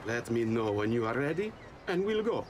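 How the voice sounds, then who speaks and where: A man's voice: mid-range voice, very animated, fairly quick, close to an everyday voice. An actor playing a sly, teasing male thief leader in a video game. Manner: teasing, laughs easily. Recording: game audio with crowd noise.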